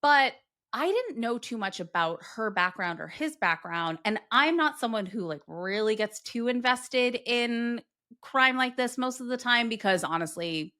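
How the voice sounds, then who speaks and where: A woman's voice: fairly high pitch, animated, measured pace, sharp tone. A woman co-hosting a podcast, chatting at length and explaining background in a casual way. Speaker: podcast co-host. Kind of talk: casual chat.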